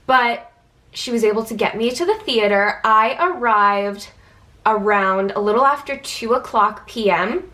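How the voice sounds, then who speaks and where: A woman's voice: mid-range voice, fairly bright tone. A young woman with a stuffy nose, telling a casual vlog story in a chatty, anxious way, full of "like" fillers. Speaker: vlogger.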